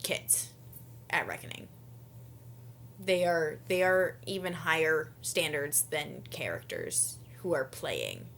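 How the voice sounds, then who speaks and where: A woman with a Southern American accent chatting casually, excitable and laughing often as she retells things. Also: low-pitched, takes it slowly, creaky, slight background noise. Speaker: larp player, co-interviewee. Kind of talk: casual chat.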